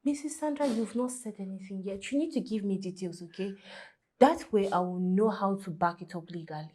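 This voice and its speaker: An actress playing a measured, businesslike lawyer. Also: female voice, medium pitch, mellow, slight background noise, close to an everyday voice. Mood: calm. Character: calm professional female lawyer.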